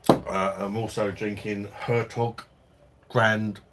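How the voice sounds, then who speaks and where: A man's voice: lowish voice, flat delivery, slow, noisy background. A man hosting a casual live stream from home, chatting and joking with viewers and laughing often in a loose, rambling way. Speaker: live-stream host reading viewer chat.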